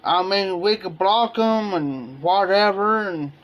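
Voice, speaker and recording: A man's voice: high voice, takes it slowly, a bit bright. An American man hosting a live stream, telling rambling stories in a casual chat and acting out the dialogue. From United States. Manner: rambling anecdotes, repeats himself, acts out dialogue. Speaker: livestream host. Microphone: streaming setup, live video.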